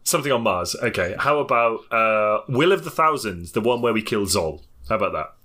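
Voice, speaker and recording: A man's voice: on the low side, lively intonation, fairly quick, bright, forceful tone. A man co-hosting a casual podcast, joking, laughing often and swearing. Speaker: podcast co-host. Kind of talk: casual chat.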